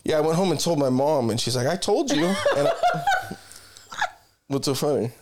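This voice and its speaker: A man's voice: fairly high pitch, huge pitch swings, normal speed, heavy background noise. A young man co-hosting a podcast in casual chat, rambling through stories, swearing freely and cutting himself off. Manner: rambling storyteller, swears freely, self-interrupting. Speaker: podcast co-host.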